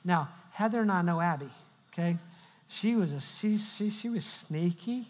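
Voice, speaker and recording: A man's voice: high voice, animated, normal speed, darkish tone. A middle-aged male pastor giving a humorous sermon, telling stories and joking with the congregation. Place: large church hall. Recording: long hall reverb.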